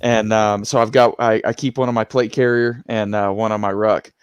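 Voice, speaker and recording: A man's voice: on the low side, little pitch movement, moderate pace, clear, resonant tone, no echo, dull audio, faint music behind. A man on a podcast panel asking questions and chatting in an easygoing, curious way. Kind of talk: casual podcast chat.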